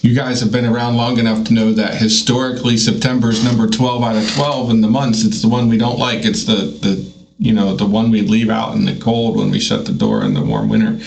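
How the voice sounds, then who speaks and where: A man's voice: fairly low pitch, a little fast, vocal fry, darkish tone, a little hiss or hum. Easygoing man hosting a finance chat. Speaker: host. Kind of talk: casual chat.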